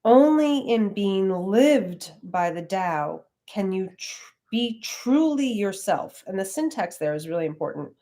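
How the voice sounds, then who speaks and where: A woman's voice: mid-range voice, very animated, measured pace, hardly any pauses, dark tone. A woman leading an online class, talking in a reflective, conversational way with frequent fillers. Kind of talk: casual live-stream teaching.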